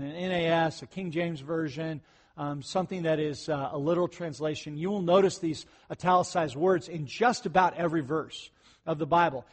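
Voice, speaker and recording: A middle-aged male pastor preaching a conversational sermon, often clearing his throat and rising into excited bursts. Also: a little high.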